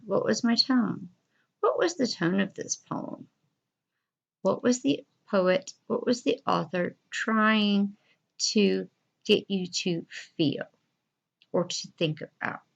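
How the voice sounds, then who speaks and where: A woman teacher giving a recorded reading fluency lesson, encouraging and deliberate, with expressive pauses. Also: mid-range voice, gravelly. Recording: dull lo-fi recording.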